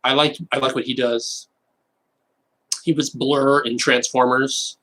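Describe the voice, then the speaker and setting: A Californian man chatting and joking with his live-stream audience, animated and quick to go off on rapid rants. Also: medium pitch, poor audio. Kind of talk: casual live-stream chat.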